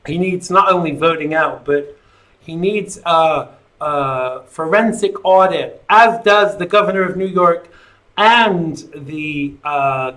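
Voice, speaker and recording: A man's voice: on the high side, bright, forceful tone. A man hosting a live call-in talk show, rambling casually and reading viewer comments aloud.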